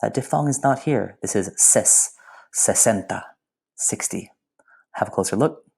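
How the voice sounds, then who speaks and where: A man's voice: lowish voice, animated, unhurried, gravelly, darkish tone, breathy edge. A man teaching a recorded language lesson in a playful way, with whispered asides. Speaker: Spanish teacher.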